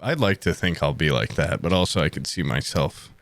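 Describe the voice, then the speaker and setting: A man co-hosting a podcast in casual chat, a blunt, jokey storyteller who slips into quick voices for quotes. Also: rumbling low, animated, fairly bright tone, no echo, clean studio sound. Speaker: podcast co-host.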